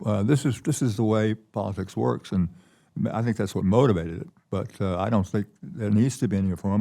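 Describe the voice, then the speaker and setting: Older man, keynote guest, gravelly low voice, rambling storyteller. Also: warm tone. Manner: rambling with many restarts. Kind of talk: conversational storytelling. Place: conference stage.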